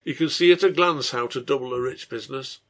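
A man's voice: medium pitch, fast talker, fairly bright tone, natural voice. Man reading as Simon Slade, plain innkeeper. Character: middle-aged male village innkeeper, contented.

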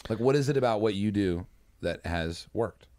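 Low-voiced podcast host. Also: male voice, lively intonation, moderate pace, darkish tone, dry recording, studio quality. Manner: rambling questions, many fillers. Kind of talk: casual podcast interview.

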